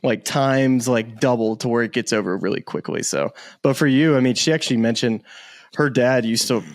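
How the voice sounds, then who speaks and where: A man's voice: medium pitch, normal speed, no room sound, clean studio sound. A young adult man hosting a casual podcast interview, laughing often and telling easygoing stories. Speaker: podcast host.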